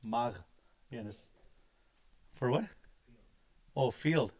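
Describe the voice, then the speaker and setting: A man's voice: mid-range voice, very slow, a little mellow. A man teaching words in a language class, patiently repeating each word many times. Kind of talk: slow, repetitive pronunciation lesson.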